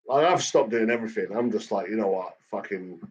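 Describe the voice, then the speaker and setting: A man's voice: fairly low pitch, a little fast, a little mellow, husky. A man ranting in a casual chat, swearing constantly as he talks. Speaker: channel host. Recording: dull lo-fi recording.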